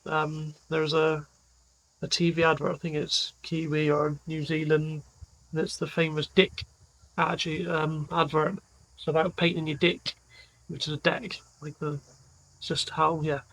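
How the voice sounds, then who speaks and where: A man's voice: on the high side, little pitch movement, unhurried, fairly bright tone, rough recording. A man, chatting casually as a vlogger, rambling with lots of fillers. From England. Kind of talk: casual chat.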